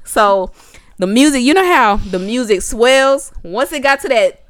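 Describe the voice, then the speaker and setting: Woman chatting, animated storytelling, smooth clear voice, dry close sound. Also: on the high side, measured pace, no echo. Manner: animated, acts out her own panicked voice. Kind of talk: casual storytelling chat.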